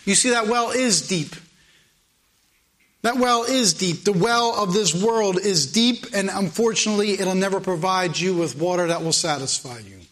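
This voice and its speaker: A man's voice: high-pitched, normal speed, fairly bright tone. A male preacher delivering a morning sermon, emphatic and repeating phrases for weight.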